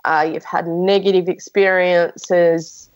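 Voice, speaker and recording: A woman's voice: fairly low pitch, level tone, slow pace, clean tone, lo-fi sound. Frank woman telling her story. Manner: frank, storytelling, with many restarts and fillers. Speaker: guest. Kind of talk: casual conversation.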